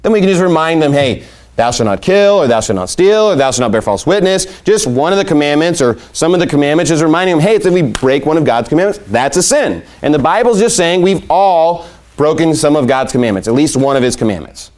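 A man's voice: a little high, sing-song, fast talker, darkish tone. A man teaching how to share the gospel in a conversational way, asking rhetorical questions and acting out both sides of an exchange. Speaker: evangelism teacher. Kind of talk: instructional talk on sharing the gospel.

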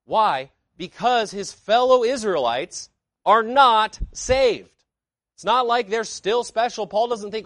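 A pastor delivering a sermon to his congregation in an emphatic preaching manner, posing rhetorical questions and swinging between loud declarations and quiet asides. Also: high-pitched, lively intonation, slow, no room sound.

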